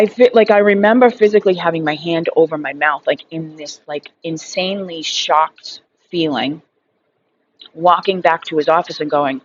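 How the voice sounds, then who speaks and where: A woman's voice: low voice, steady tone, moderate pace, highs cut off, a little hiss or hum. A woman in her thirties telling a story in a casual vlog monologue, frank and rambling, swearing freely and filling her sentences with fillers. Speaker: recovery vlogger.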